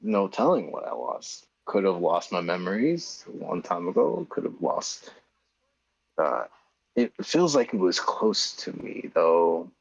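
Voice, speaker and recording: Male player, slow pensive delivery, husky, lively pitch. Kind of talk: in-character tabletop play. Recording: dull, lo-fi sound.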